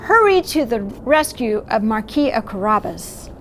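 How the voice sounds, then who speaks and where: A woman's voice: on the high side, very animated, measured pace, fairly bright tone, slight background noise. A woman reading the lines of a storybook king who calls out orders and praises a fine meadow. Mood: commanding. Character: grand old storybook king.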